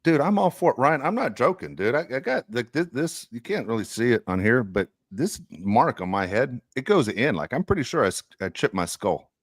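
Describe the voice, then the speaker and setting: Fast-talking animated male podcast host. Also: mid-range voice, dry recording, clean studio sound. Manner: rambling, animated storytelling. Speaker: youth baseball coach. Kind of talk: casual sports podcast chat.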